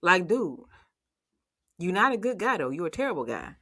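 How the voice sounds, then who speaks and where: A woman's voice: fairly low pitch, big pitch swings, moderate pace, bright, forceful tone. Woman, reality TV reviewer, casual recap commentary, sassy, profane, laughs often.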